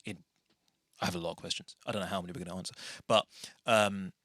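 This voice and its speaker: A man's voice: low-pitched, steady tone, fast talker, sharp tone, no room sound, clean studio sound. A man hosting a casual podcast, rambling through tangents and correcting himself as he goes. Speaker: podcast host.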